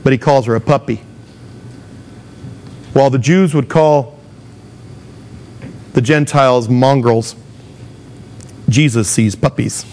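A man preaching a sermon in a mid-range voice, speaking with emphatic rises and lively acted quotes. He talks straight to his listeners, pressing his points home. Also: medium pitch, slow, long pauses. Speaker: pastor.

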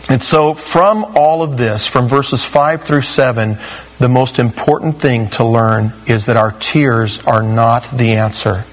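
A man's voice: medium pitch, a little slow, low-quality recording. A male pastor preaching an expository sermon in a conversational, emphatic way, often saying "you know". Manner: conversational and emphatic, with frequent 'you know'.

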